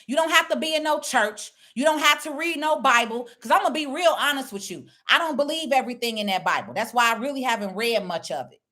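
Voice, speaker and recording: Blunt, preachy woman with a bright voice. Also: on the high side. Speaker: online commentator. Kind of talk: casual direct-to-camera talk.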